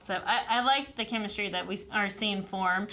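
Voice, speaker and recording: A woman co-hosting a casual reaction chat, thoughtful and measured, laughing easily. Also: mid-range voice, a crowd in the background, rough recording. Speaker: co-host reacting to a TV episode.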